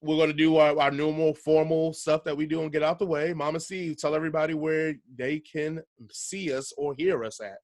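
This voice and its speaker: A man's voice: a little high, steady tone, fairly quick, hardly any pauses, darkish tone, no echo. Laid-back male podcast host, dry sound. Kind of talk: casual podcast chat.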